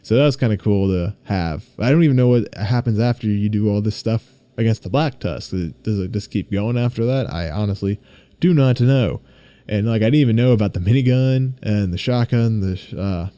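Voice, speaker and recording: A young man hosting his own podcast, chatting casually and excitably, rambling and swearing freely. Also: on the low side, clear, resonant tone, no room sound. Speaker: podcast host. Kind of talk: casual solo podcast chat.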